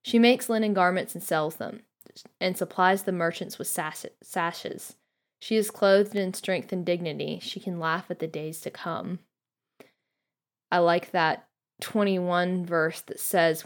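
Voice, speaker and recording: A young woman guest-hosting a podcast, reflecting aloud in a calm, thoughtful way. Her voice sits a little low for a woman. She speaks softly and pauses with the odd filler. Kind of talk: casual reflective commentary.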